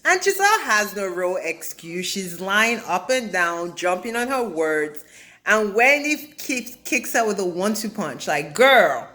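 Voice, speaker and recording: A woman with a bright, forward voice talks through reality TV drama in a loose, gossipy vlog. She keeps things chatty and full of quick asides, and her pitch stays in a middle range for a woman. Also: very animated. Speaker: reality TV commentator. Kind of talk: casual recap vlog.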